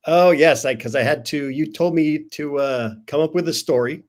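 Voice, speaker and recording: A man's voice: on the high side, moderate pace, darkish tone. A man co-hosting a show on writing comics, talking casually with some hesitation. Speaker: co-host, comic writer. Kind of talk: casual chat.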